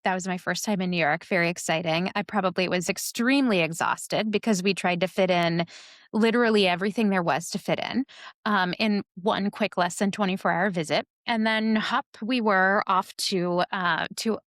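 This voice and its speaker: A woman's voice: medium pitch, moderate pace, fairly bright tone, no room sound, clean studio sound. A woman co-hosting a podcast in casual chat, rambling with many fillers and laughs. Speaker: podcast co-host.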